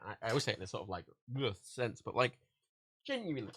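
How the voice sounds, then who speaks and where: A man's voice: on the high side, wildly swooping pitch, racing, bright, forceful tone. A man chatting casually on a livestream while packing orders, ranting with heavy swearing and frequent laughter. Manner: profane, ranting, laughs often.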